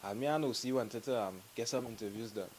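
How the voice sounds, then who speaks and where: A man with a Trinidadian accent telling stories to the camera in a lively way, laughing and acting out what friends said. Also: mid-range voice, fast talker, a little hiss or hum, rough recording. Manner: animated, laughing, acts out quotes. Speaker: group member telling stories. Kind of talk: casual storytelling to camera.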